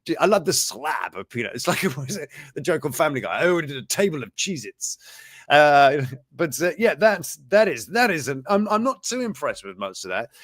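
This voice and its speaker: A man hosting a casual show, his slightly high voice swooping up and down as he reads out odd news items. He chuckles often and breaks off mid-sentence to comment, recorded dry and close with no room sound. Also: very animated, a little fast, fairly bright tone, no room sound. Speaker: show host.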